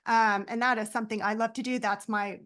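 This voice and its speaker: A woman's voice: a little high, fairly even intonation, brisk, fairly bright tone. A woman who is a guest on a podcast, speaking in an encouraging way with many ums. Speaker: podcast guest, business owner. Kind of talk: conversational interview.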